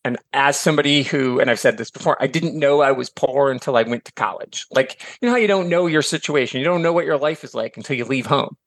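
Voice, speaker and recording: A man's voice: medium pitch, fast talker, few pauses, a bit bright, no echo. Chatty, digressive man on a podcast. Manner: chatty, digressive storyteller with casual swearing. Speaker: podcast guest, author and teacher. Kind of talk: casual chat.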